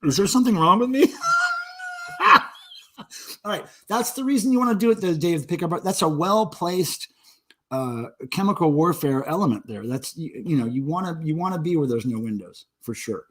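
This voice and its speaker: A man's voice: on the high side, animated, fairly quick. A man in his forties hosting a casual livestream, drinking beer and joking crudely with viewers in the chat. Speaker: livestream host.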